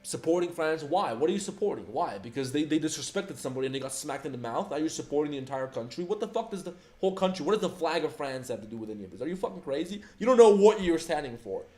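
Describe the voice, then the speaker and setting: A man's voice: on the high side, lively intonation, fast, few pauses, mellow. Fiery, profane young man ranting. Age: 20s. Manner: profane, fiery, piles up rhetorical questions. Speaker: livestream host. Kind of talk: heated livestream rant.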